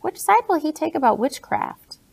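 A woman's voice: high voice, very animated, moderate pace, creaky, a little mellow, voice pushed up, full character voice. A woman reading an audiobook, voicing an anxious, persistent colonial woman in her own plain voice. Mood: questioning.

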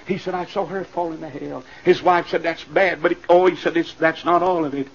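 Fiery male revival preacher, high and husky, muffled old LP sound. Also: fairly even intonation, a little fast, hardly any pauses. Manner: fiery, swings from low asides to sudden shouted climaxes. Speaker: evangelist. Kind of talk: shouting revival sermon. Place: church. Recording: muffled 1970s LP recording.

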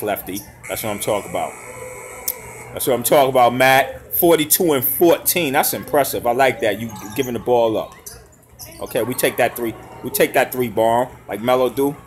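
Over basketball highlights, a man reacts live in casual, slang-heavy commentary, laughing and hollering whenever a big play happens.

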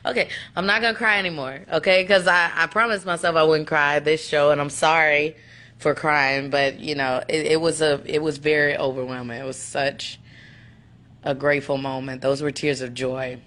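A young woman thanking her fans in a tearful, halting way, with restarts and soft laughs. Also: sits low, fairly even intonation. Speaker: singing contestant addressing fans. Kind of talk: emotional thank-you video to fans.

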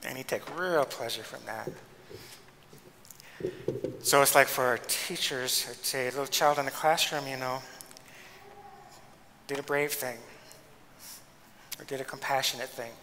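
A man lecturing in a big hall with a long echo. His voice is bright and forceful, and he talks in an animated, emphatic way, acting out the people in his stories. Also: mid-range voice, measured pace, pauses often, slight background noise. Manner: animated, emphatic, acts out quoted speech. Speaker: guest lecturer and pastor. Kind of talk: lecture with storytelling.

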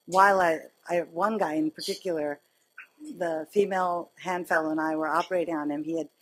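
A woman surgeon giving a lecture, telling personal stories in a conversational, animated way. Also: deep voice, brisk, low-quality recording. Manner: conversational, animated storytelling with laughs. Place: lecture hall.

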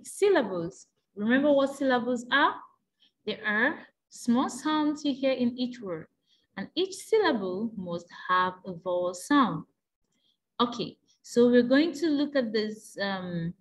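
A woman teacher taking young pupils through an exam revision lesson, asking patient prompting questions in a sing-song way. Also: fairly high pitch.

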